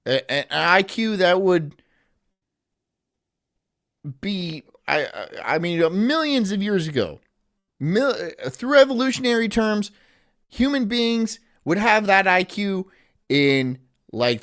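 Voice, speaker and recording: A man streaming live, talking in a loose, rambling way with a sardonic edge and frequent laughs at his own lines. His voice sits a little higher than most men's. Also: sing-song, slow, fairly bright tone. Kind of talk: casual live-stream commentary.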